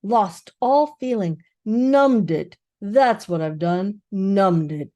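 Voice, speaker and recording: An older woman voicing a gloomy old donkey who grumbles slowly. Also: mid-range voice, animated, mellow. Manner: slow, grumbling.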